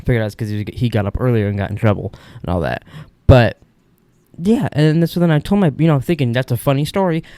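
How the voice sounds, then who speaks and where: A man's voice: medium pitch, dark tone, clear, resonant tone, no room sound. A young man hosting a podcast, telling stories in a casual, rambling, candid way from an upstairs room at home. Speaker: podcast host. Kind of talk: casual solo monologue.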